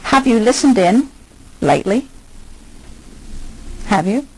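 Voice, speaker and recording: A woman's voice: fairly high pitch, animated, slow pace, a little mellow, husky, poor audio. An older woman, a hypnotherapist, giving a conversational lecture and asking her listeners many questions.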